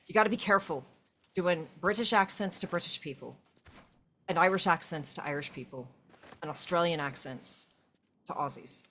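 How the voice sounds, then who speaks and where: A woman's voice: on the low side, moderate pace, pauses often. Chatty woman co-hosting a game stream. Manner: chatty, animated storytelling. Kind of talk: casual chat while playing.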